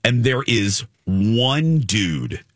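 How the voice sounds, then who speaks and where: A man's voice: fairly low pitch, extremely slow, no room sound, clean studio sound. A man co-hosting a casual podcast chat, telling a funny story with lots of energy and acting out the people in it. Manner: animated storyteller, acts out voices of people in the story. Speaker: podcast co-host.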